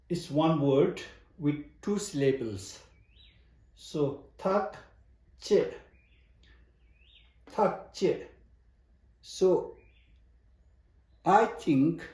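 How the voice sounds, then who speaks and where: A man with a Tibetan accent teaching a language lesson, repeating words slowly and spelling them out. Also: on the high side, darkish tone. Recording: echoey room.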